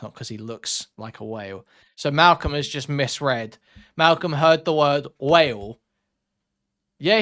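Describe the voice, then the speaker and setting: A man's voice: mid-range voice, fairly bright tone. A man hosting a reaction commentary stream, ranting sarcastically and swearing as he talks to his chat.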